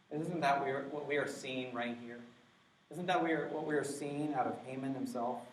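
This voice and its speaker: A male pastor preaching a sermon, stressing key words slowly and with emphasis. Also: mid-range voice, steady tone, darkish tone, slight background noise. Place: church sanctuary. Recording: echoey church from far off.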